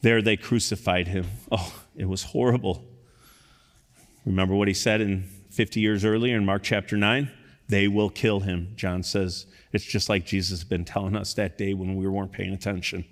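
A man preaching with a fairly low voice that climbs high and loud when he presses a point. His words ring out with the long reverb of a large hall. He reads scripture aloud and comments on it like a pastor. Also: fairly even intonation, normal speed. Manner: impassioned, rising to loud emphatic peaks. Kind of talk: sermon.

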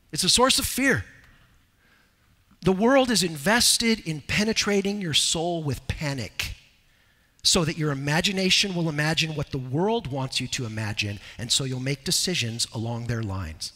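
High-voiced, bright-toned male preacher. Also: lively intonation, normal speed, big-room sound. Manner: swings from loud, urgent exhortation to low, quiet earnestness. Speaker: pastor. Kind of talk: expository sermon. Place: church sanctuary.

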